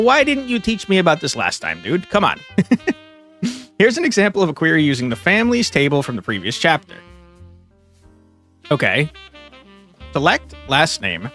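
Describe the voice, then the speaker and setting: A man's voice: medium pitch, sharp tone. A young man streaming a game from home on a desk microphone, chatting casually and reading on-screen text aloud with jokey asides.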